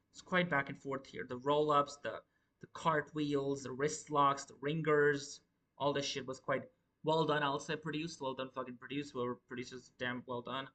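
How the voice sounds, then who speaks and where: A man's voice: mid-range voice, pushed and bright, low-quality recording. A man giving a rambling, profane live review of a wrestling show, stumbling and restarting his sentences often.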